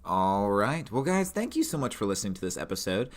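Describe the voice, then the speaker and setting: A man co-hosting a tabletop gaming podcast, pitching a scenario in a rambling, casual way with lots of fillers. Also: sing-song, brisk. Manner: rambling, many fillers and restarts. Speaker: podcast co-host, game master. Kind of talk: casual chat.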